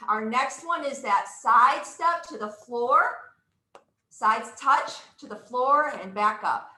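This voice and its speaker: A woman's voice: fairly high pitch, bright, forceful tone, roomy sound, poor audio. A woman leading a live exercise class, upbeat and encouraging, counting out moves with whoops and getting out of breath. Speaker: exercise instructor.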